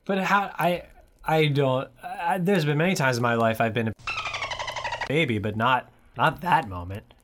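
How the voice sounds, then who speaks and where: A man's voice: mid-range voice, moderate pace, fairly bright tone, slight background noise. A man co-hosting a podcast in casual, self-deprecating chat, laughing often. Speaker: podcast co-host.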